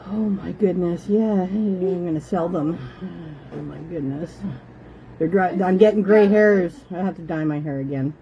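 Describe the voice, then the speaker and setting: A woman's voice: lowish voice, normal speed, mellow, poor audio. A woman in her thirties from Canada hosting a casual chat at home, motherly and talkative, breaking off now and then to tell her kids to behave. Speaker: host. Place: home living room.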